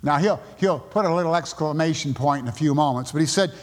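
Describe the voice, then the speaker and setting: A male pastor with a Southern US accent, preaching a sermon and driving his points home with emphatic high bursts. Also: fast, hardly any pauses. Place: church sanctuary. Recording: long church reverb.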